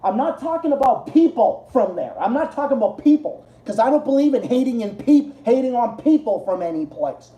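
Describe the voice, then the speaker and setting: A man's voice: a little fast, hardly any pauses, reverberant, muffled recording. Profane, rambling man ranting on stream. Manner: profane, rambling rant with restarts; excitable, jumps high in pitch when worked up. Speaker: livestream host. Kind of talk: casual ranting chat.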